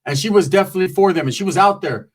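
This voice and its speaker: A man telling a comic story in a casual, profane, slangy way, breaking into squeaky voices when he quotes people. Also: racing, husky.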